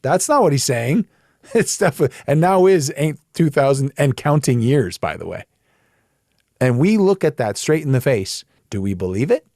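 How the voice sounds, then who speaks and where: A man's voice: mid-range voice, unhurried, no room sound, clean studio sound. Plain-spoken man teaching the Bible. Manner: emphatic, plain-spoken, animated when making a point. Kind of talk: conversational Bible study teaching.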